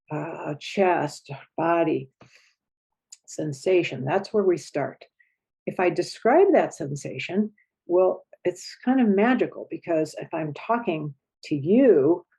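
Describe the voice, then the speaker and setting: A middle-aged woman explaining a relationship skill in a relaxed, conversational teaching style, sometimes acting out short emotional sounds. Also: sits low, husky. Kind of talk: casual spoken teaching.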